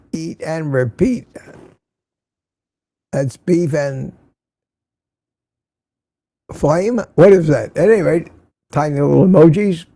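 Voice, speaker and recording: A man's voice: a little high, takes it slowly, pauses often, mellow. An older man hosting a casual morning livestream, greeting viewers by name and reading the chat aloud. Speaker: livestream host.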